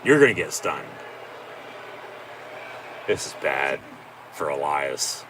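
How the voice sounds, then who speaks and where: A man's voice: rumbling low, big pitch swings, takes it slowly, background noise. A man hosting a live watch-along, giving profane, sarcastic, exasperated reaction commentary.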